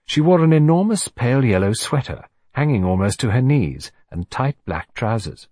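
A man narrating an audiobook in an even storytelling manner. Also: mid-range voice, moderate pace, no echo.

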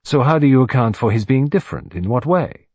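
A man voicing a polite, precise detective in an audiobook, asking formal, measured questions in a slightly husky voice. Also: medium pitch, expressive, a little mellow, dry recording, clean studio sound. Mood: probing.

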